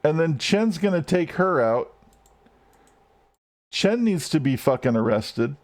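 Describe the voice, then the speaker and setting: A man's voice: a little high, very animated, slow. A man streaming gameplay live, ranting and swearing at the game as he plays. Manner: frustrated, swearing, rants at the game.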